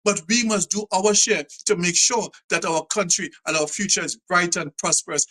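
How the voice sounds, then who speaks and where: A man's voice: high-pitched, brisk, few pauses, bright, forceful tone. A Trinidadian man hosting a live talk show, repeating himself as he rouses his audience to love their country. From Trinidad and Tobago. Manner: preachy, repetitive, rousing the audience.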